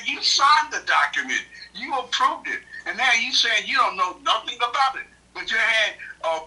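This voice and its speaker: A man's voice: sits high, pushed and bright, far from the mic, poor audio. A man who is a regular doctor guest on a talk show, speaking bluntly and with indignation. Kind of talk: casual talk radio.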